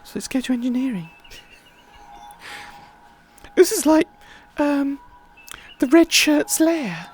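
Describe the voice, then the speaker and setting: A woman's voice: sits high, lively intonation, slow, long pauses, soft background music. A woman hosting a livestream, chatting in a rambling, casual way with many fillers. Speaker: livestream host.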